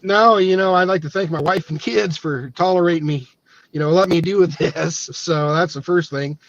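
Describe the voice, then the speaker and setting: A man's voice: a little high, normal speed. A man guest humbly thanking his crew in a rambling, grateful way. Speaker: guest puller. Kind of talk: casual interview answers. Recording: distant dull lo-fi audio.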